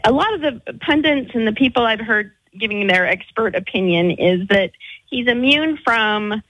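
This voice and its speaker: Woman caller from Utah: chatty, friendly, slightly husky, higher voice. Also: lively intonation, normal speed, a bit bright, no echo, muffled recording. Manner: friendly, chatty, with indignant asides. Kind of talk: call-in radio chat.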